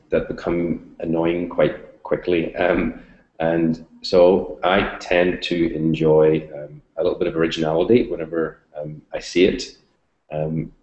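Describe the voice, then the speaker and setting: A man's voice: sits low, darkish tone. A man, a novelist answering interview questions over a video call, hesitant with many ums and restarts. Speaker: novelist and book reviewer. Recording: roomy echoey video call.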